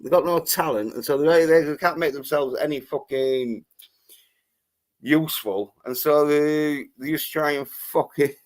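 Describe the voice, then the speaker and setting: A man hosting a livestream, ranting angrily and swearing constantly in a rambling way. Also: a little high. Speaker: livestream host. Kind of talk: profane livestream rant.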